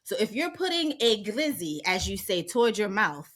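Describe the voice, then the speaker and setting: A woman's voice: mid-range voice, big pitch swings, normal speed, a bit bright. Wry New woman co-host. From New York, Harlem. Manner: wry, laughing asides. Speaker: podcast co-host. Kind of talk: casual chat.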